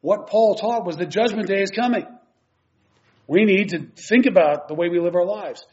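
A man delivers an earnest, emphatic sermon in a fairly high voice. He explains scripture point by point. The recording sounds dull and lo-fi. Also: moderate pace, a little mellow. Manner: earnest, emphatic preaching, reading scripture aloud. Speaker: preacher.

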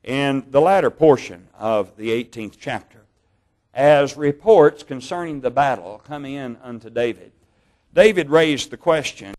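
A man preaching a sermon, reading Bible passages in a measured way, slowing down on key words and correcting his own slips. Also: mid-range voice, animated, a little mellow. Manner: measured, slow over key words, stumbles on names and corrects himself.

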